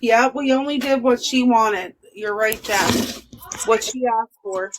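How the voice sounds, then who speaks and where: A woman's voice: fairly high pitch, unhurried, background noise. A woman with a Canadian accent in a candid, casual livestream chat, laughing often and answering viewer comments. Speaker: livestream guest.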